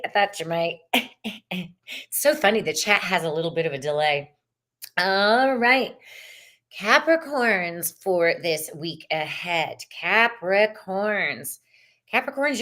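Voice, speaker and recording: A woman runs a live tarot reading in an easy, unhurried way. She chats freely, greets viewers by name and laughs often between the cards. Her voice sits at a middle pitch. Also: a bit bright. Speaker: tarot reader hosting a live stream.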